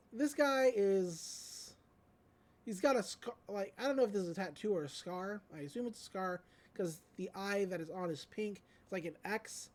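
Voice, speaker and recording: Lively woman host recapping an episode. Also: mid-range voice. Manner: animated storytelling, quick character voices. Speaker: podcast host. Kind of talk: casual episode recap chat.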